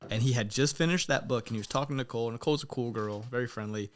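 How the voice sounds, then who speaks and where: A young man hosting a podcast in casual chat, swearing freely and laughing loudly as he tells stories. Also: medium pitch, rapid-fire. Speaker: podcast host.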